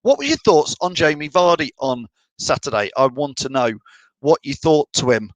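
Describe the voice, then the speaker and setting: A man's voice: a little high, expressive, normal speed, dry recording, low-quality recording. A middle-aged man from the of England hosting a fan live stream, chatting and reading out viewer comments. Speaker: fan channel host.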